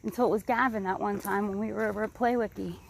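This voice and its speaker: A woman chats her way down a wooded trail, rambling and excitable and slightly out of breath. Her voice carries a gravelly edge, and crickets sit faintly behind her. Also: mid-range voice, quick pace. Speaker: vlogger. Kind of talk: casual walking vlog narration. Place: wooded park trail outdoors. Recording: outdoor recording, crickets and faint background noise.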